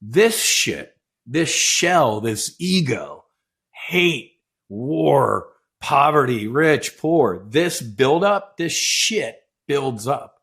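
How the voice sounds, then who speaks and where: A middle-aged man, a former naval aviator, recounting a deep personal experience in an intense, animated way, swearing and acting out quoted dialogue. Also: very slow, breathy edge. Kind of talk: emotional storytelling in casual chat.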